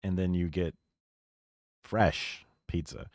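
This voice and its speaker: Low-voiced rambling man on stream. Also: steady tone, slow, no room sound, clean studio sound. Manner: rambling, musing, profane asides. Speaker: streamer reacting to videos. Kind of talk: live reaction stream chat.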